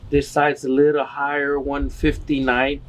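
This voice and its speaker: A man hosting his own barbecue channel, talking casually and enthusiastically to viewers while cooking outdoors at a grill. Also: medium pitch. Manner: slow, relaxed and enthusiastic, addressing viewers as guys. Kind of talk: casual cooking video talk to camera.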